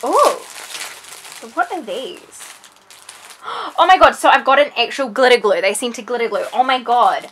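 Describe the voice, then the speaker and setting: A woman's voice: fairly high pitch, animated, moderate pace, a bit bright, slightly rough, low-quality recording. A young woman unboxing beauty products in her bedroom, gushing and gasping with repeated exclamations in a casual vlog. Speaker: beauty vlogger.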